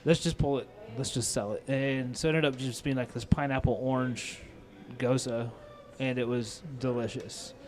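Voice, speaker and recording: A man's voice: mid-range voice, fairly even intonation, normal speed. A man with a Midwestern American accent, a restaurant owner and chef, telling stories in casual chat, swearing freely and acting out both sides of arguments. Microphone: lapel mic.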